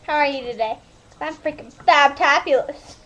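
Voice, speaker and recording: A woman's voice: high-pitched, moderate pace, fairly bright tone, slight background noise, low-quality recording. A woman recording a hyper, giggly, gushing webcam message to a friend on a built-in webcam mic.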